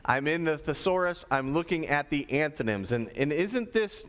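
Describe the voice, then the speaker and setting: A man with a slightly high voice preaches to schoolchildren in a school chapel, speaking as both pastor and teacher. His tone is lively and teacherly. He drums in his points by repeating them. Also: normal speed, clear, resonant tone. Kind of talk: sermon to schoolchildren.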